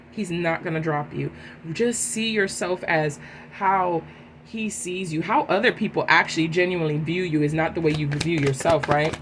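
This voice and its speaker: Lady doing a tarot reading, all fired up, says "right?" a lot, faint hiss behind her. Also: on the low side. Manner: animated, emphatic, keeps adding "right?". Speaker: tarot reader.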